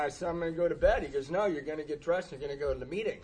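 A man's voice: a little high, racing, a crowd in the background. A man telling a humorous personal recovery story, acting out the dialogue and laughing often at himself. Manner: self-deprecating, laughs often, acts out dialogue. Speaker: speaker sharing a recovery story.

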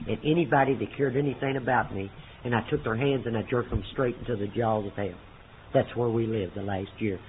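A man with a drawl gives a folksy personal testimony to a recovery meeting. His voice sits at an ordinary pitch, rising loud for punchlines and sinking low for quoted lines. The recording is thin and phone-like with a faint hiss behind him.

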